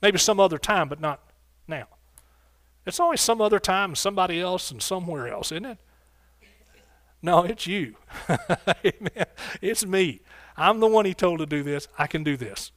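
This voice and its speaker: A man's voice: high voice, lively intonation, normal speed, fairly bright tone, dry recording. Male pastor, fervent call-and-response sermon, dry close sound. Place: church sanctuary.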